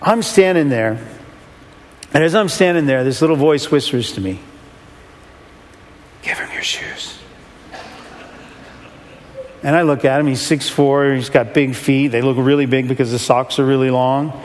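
A man's voice: mid-range voice, normal speed, a little hiss or hum. A man who runs a rescue mission, telling a humorous, self-mocking story to an audience. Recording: long hall reverb.

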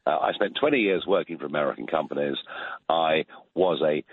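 A man's voice: rumbling low, brisk, vocal fry, husky, dry recording. A British man in his sixties giving emphatic political opinions in a radio interview, chuckling and repeating words. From England. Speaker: phone-in political guest. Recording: tinny phone line.

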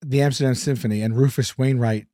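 A man telling a story as a podcast guest, animated, acting out his quotes and sometimes dropping to a whisper. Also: medium pitch, fast talker, no echo, studio quality. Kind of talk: casual storytelling.

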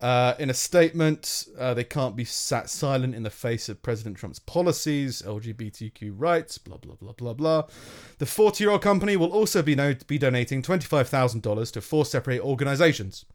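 A man's voice: mid-range voice, lively intonation, brisk, hardly any pauses. A man co-hosting a podcast in casual chat, sarcastic and swearing, often laughing while mocking what he reads out. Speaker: podcast co-host.

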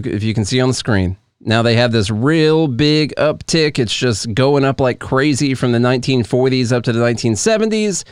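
A man's voice: mid-range voice, smooth, no room sound, clean studio sound. A man co-hosting a podcast in casual chat, reading news articles aloud and walking through a chart with offhand asides. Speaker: podcast co-host.

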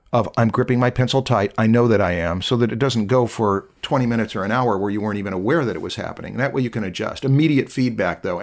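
Middle-aged guy, calm measured art advice, chatty. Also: medium pitch. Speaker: art podcast co-host. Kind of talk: casual chat giving drawing advice.

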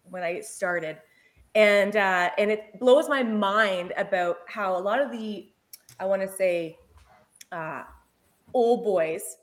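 A paramedic in her forties tells a work story in casual conversation. Her medium-pitched voice is lively, and she laughs often.

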